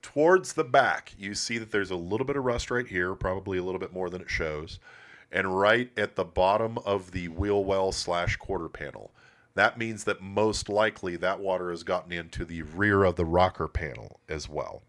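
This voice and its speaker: A man's voice: low voice, moderate pace, a bit bright. A man hosting a casual car livestream from his auto shop, talking bluntly and swearing often. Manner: blunt and profane, laid-back shop talk. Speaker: host of a classic car livestream. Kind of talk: casual live commentary.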